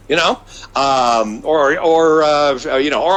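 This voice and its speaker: Male business trainer, bright and lively, emphatic seminar delivery. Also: on the high side, slow pace. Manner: energetic, emphatic, checks in with the audience. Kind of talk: seminar lecture.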